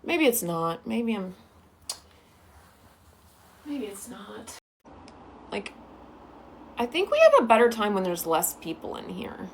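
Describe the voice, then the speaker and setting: A woman's voice: mid-range voice, very animated, takes it slowly, pauses often, slight background noise. A woman livestreamer in casual chat, greeting viewers by name and reading their comments aloud in a sweet, affectionate way.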